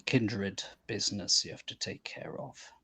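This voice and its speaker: A man voicing a wary, reserved male vampire in a tabletop role-play, with a slow, formal delivery. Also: lowish voice, steady tone, pushed and bright, a little hiss or hum.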